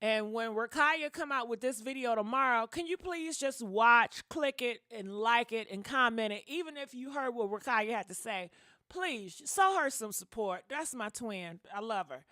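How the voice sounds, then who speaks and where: A woman's voice: fairly high pitch, expressive, normal speed, bright, forceful tone, no room sound, clean studio sound. A woman hosting a celebrity gossip channel, talking in an emphatic, chatty way and addressing her viewers directly. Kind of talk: casual gossip commentary.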